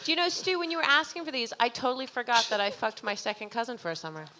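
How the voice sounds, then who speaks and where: A woman's voice: on the high side, sing-song, racing, background noise. A woman guest telling a frank, laughing confession on stage at a live comedy show.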